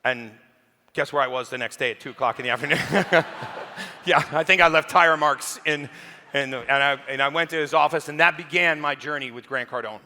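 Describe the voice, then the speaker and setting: A man giving a keynote speech on a conference stage, telling a story with lively acted-out quotes. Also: on the high side, fairly quick, a little hiss or hum. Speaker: keynote speaker. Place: conference stage, large hall. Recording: long reverb of a large hall.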